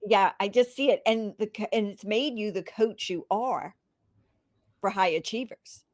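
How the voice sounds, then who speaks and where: A woman's voice: mid-range voice, a little slow, no echo. A woman hosting a podcast interview, enthusiastic and affirming toward her guest. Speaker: podcast host.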